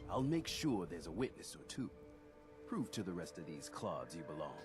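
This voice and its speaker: An actor playing a gruff male islander who recounts an old legend in game dialogue. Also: low voice, very animated, moderate pace. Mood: storytelling. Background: game music.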